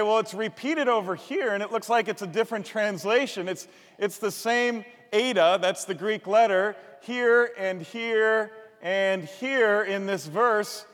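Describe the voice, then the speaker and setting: Animated high-voiced male preacher in a hall. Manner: animated, explaining, invites congregation to repeat words. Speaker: pastor. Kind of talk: sermon teaching from slides.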